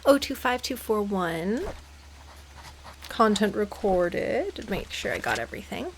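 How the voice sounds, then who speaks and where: A woman's voice: mid-range voice, expressive, unhurried, slight background noise. A woman gamer giving playful, dramatic let's-play commentary. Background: game music.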